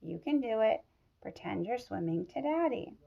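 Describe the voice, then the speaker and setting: A woman's voice: a little high, animated, moderate pace, vocal fry, dull audio, exaggerated voice. A woman voicing an encouraging young mother in a read-aloud storybook.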